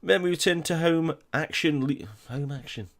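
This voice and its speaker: A man's voice: a little high, moderate pace. A man talking through a football management game in a casual, chatty way, with wry asides and frequent self-corrections. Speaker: gaming YouTuber.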